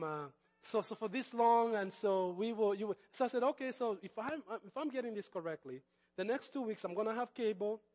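High-pitched middle-aged preacher guy, animated storytelling sermon. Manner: animated storytelling, lively swings of loudness. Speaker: pastor.

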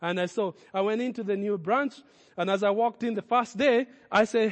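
A man's voice: high-pitched, moderate pace, big-room sound. A man preaching a sermon as a pastor, speaking in emphatic, repeated declarations.

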